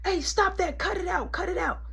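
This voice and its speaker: Guy putting on bossy security guard voice, way higher, barking orders. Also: brisk, gravelly, fairly bright tone, full character voice.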